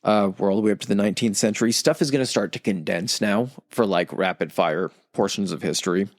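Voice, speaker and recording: A man's voice: lowish voice, fast talker, no echo. A man co-hosting a podcast in casual chat, rambling and profane, sometimes acting out quoted voices. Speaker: podcast co-host explaining history.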